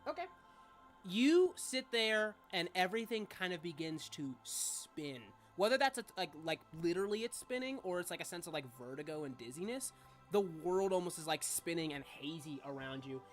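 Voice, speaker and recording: A woman's voice: lowish voice, sing-song, normal speed, soft background music. A young adult woman narrating a tabletop game as game master, casual and rambling with fillers and swearing.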